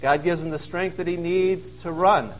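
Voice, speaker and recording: A man delivers a sermon in an earnest, conversational way, leaning into emphasis whenever he quotes. His voice sits a little higher than most men's. He is speaking from inside a cave out in the wilderness. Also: steady tone, normal speed, slight background noise, low-quality recording. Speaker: pastor.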